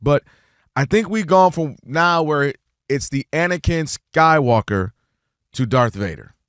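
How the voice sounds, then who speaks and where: Male sports talk host, high lively voice, dry close sound, acts out quotes, repeats himself when fired up. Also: unhurried, smooth, no room sound. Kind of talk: animated sports debate.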